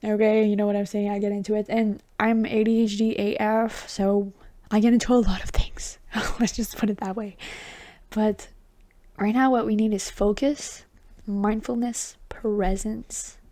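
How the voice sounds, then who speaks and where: A woman giving a tarot reading, talking softly and reassuringly, often dropping into a whisper and calling the listener baby or honey. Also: medium pitch, little pitch movement, unhurried. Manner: chatty and affectionate, calls the listener baby and honey. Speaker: tarot reader. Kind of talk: intuitive tarot reading to viewers.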